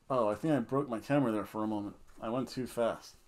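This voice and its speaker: A man's voice: mid-range voice, fast talker, few pauses. A man giving a casual, rambling, jokey wrestling review full of fillers and restarts.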